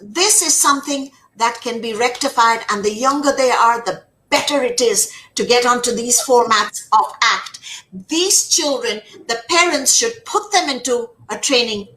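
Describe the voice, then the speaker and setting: The recording is low quality. Her pitch sits on the high side and her delivery is pushed and bright at a normal speed. She's a middle-aged U.S. communication trainer in a conversational interview, emphatic, repetitive with her words, and dramatizing quoted speech.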